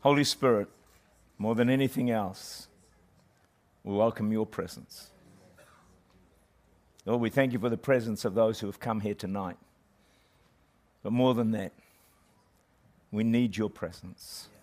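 A man's voice: fairly low pitch, unhurried, long pauses, darkish tone. Earnest man praying from the pulpit. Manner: self-deprecating joke, then earnest prayer. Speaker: guest pastor. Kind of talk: sermon opening and prayer.

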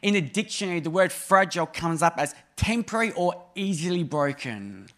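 A man in his thirties preaching a sermon in a conversational, humorous way, with sudden emphatic rises and soft drops. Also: fairly high pitch, lively intonation, fairly quick. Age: 30s.

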